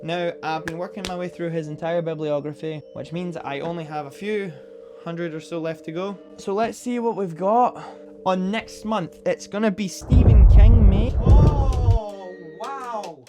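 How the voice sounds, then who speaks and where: A man's voice: on the high side, fairly even intonation, moderate pace, over music. Rambling, self-deprecating man reviewing books. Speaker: book vlogger. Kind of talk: casual book review chat.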